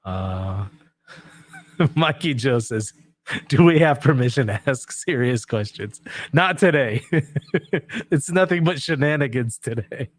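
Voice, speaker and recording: A man hosting a livestream, reading out viewer comments in relaxed, self-mocking chat and laughing often. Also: medium pitch, takes it slowly, pauses often. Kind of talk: casual chat.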